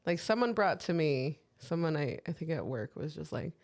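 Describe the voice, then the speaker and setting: A woman's voice: sits low, lively intonation, normal speed, vocal fry, hardly any pauses, a little mellow. A woman co-hosting a podcast, telling candid stories in casual chat with plenty of swearing. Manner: candid, swearing storyteller who quotes herself. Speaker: podcast co-host.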